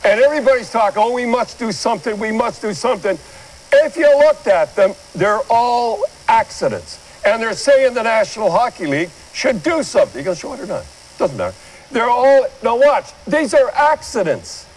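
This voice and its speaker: An older man talks hockey in a high, animated voice, rambling and blunt. He keeps telling viewers to watch the replays. His talk sounds like opinionated studio commentary. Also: moderate pace, poor audio. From Canada.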